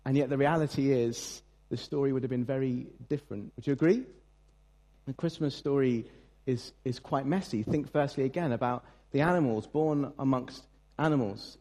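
Young man, pastor, mid-pitched voice, relaxed storytelling sermon with plenty of ums and jokes at his own expense. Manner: chatty, self-mocking storytelling with frequent fillers. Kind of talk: Christmas carol service sermon. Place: church service.

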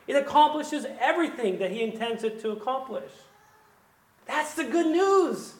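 A man's voice: extremely high pitch, lively intonation, moderate pace. Emphatic male pastor preaching in an echoey church. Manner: emphatic preaching, swinging from hushed to loud. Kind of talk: sermon. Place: church sanctuary.

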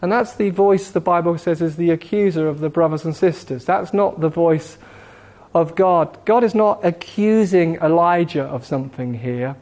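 A man preaching a sermon in a slow, measured way with dramatic pauses, gently voicing God's questions. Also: a little high. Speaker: pastor.

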